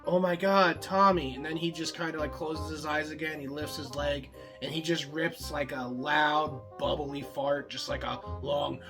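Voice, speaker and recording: A young man pitching show ideas in a casual comedic monologue, rambling and swearing freely, full of filler words. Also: level tone, over music. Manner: acts out the other characters' lines in quick bursts.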